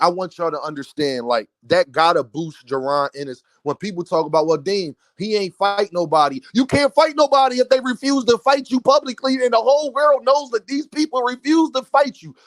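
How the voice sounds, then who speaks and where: A man with a high voice delivers opinionated boxing commentary. He speaks emphatically and addresses his audience directly. The sound is close and dry, with no room around it. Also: lively intonation, fairly quick, few pauses, no room sound. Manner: emphatic, talks straight to his viewers.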